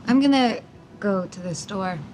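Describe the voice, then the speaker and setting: Man playing a high-pitched woman, thick Eastern European accent, faint background noise. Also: measured pace, a little mellow. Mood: mock serious.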